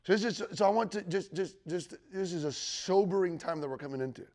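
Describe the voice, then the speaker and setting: Man, high voice, Bible teacher, end-times lesson, chatty, rising emphasis on scripture. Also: fairly quick, darkish tone. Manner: conversational, checks in with the room, quotes scripture with rising emphasis. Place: teaching room with a live audience.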